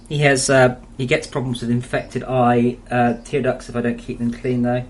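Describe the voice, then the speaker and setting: A man's voice: medium pitch, monotone, moderate pace, hardly any pauses, a little hiss or hum. A young man casually chatting on a live stream, muttering and rambling his thoughts aloud from home at a desk microphone. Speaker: game developer streaming his work.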